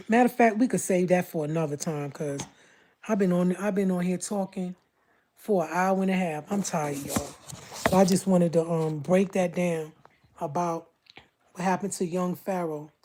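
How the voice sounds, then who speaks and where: A woman's voice: fairly low pitch, moderate pace, a little mellow, slight background noise. A woman from Brooklyn with a Brooklyn accent, talking bluntly and confrontationally on a casual livestream. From Brooklyn, New York.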